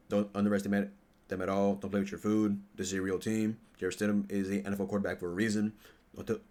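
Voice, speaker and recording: Low-voiced man riffing on game stats. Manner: rambling, profane, bursts into loud trash talk; fillers and self-corrections while reading stats. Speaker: sports fan channel host. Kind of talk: casual stat-reading reaction commentary.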